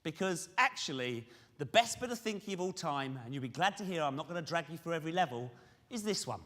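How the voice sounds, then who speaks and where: A man giving a lively conference presentation, questioning the audience directly. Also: on the high side, fast talker. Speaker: conference speaker on fundraising. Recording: reverberant hall.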